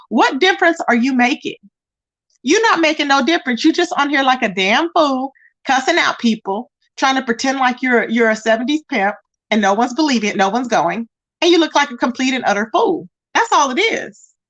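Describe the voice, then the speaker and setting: A woman hosting a livestream, chatting in a sassy, drawn-out way, greeting viewers and gossiping straight to her chat. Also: high-pitched, a bit bright, dull audio. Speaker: livestream host. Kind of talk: casual gossip commentary.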